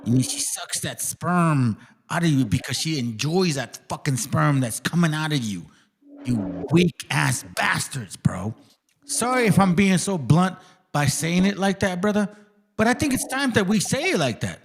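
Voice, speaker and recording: A man's voice: a little high, sing-song, normal speed, breathy edge. A man hosting a casual reaction commentary, ranting heatedly and swearing constantly. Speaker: stream host.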